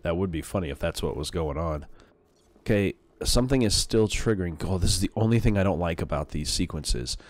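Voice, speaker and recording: A man streams a horror game, his low voice brisk and expressive. His commentary is casual and blunt, full of swearing, and he reads the game's text aloud.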